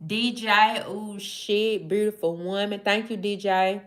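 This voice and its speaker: Unhurried and fairly even in intonation, this mid-range female voice belongs to a livestream host from Mississippi with a Southern accent. She chats casually with her viewers, slangy, loose, and repeating herself.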